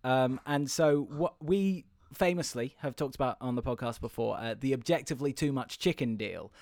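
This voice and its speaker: A man's voice: medium pitch, moderate pace, darkish tone, dry recording. Guy rambling thru a story on a podcast, keeps tripping on words, dry sound. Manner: rambling storyteller, stumbles and laughs often. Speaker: podcast host. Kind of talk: casual podcast chat.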